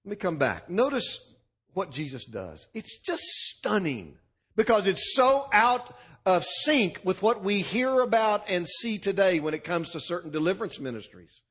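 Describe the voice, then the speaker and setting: A man's voice: sits high, very animated, unhurried, a bit bright, slightly rough. A male pastor preaching a sermon to a congregation with emphatic, punchy delivery and repeated lists.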